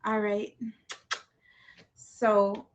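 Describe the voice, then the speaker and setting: A woman's voice: mid-range voice, monotone, extremely slow, a little hiss or hum. A woman hosting a casual livestream talk show, effusive and emotional, calling out to her viewers and gushing over her guest.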